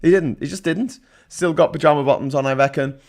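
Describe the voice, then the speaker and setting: A man hosting a political livestream, reading chat messages and ranting sarcastically, swinging between loud outbursts and low muttering. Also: brisk, creaky. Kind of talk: ranting live-stream commentary reading chat.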